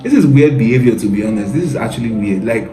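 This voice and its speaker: A man's voice: mid-range voice, lively intonation, quick pace, mellow, reverberant, soft background music, low-quality recording. A man hosting a casual reaction commentary, mocking and exasperated, laughing often and calling the listener bro. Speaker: commentary video host.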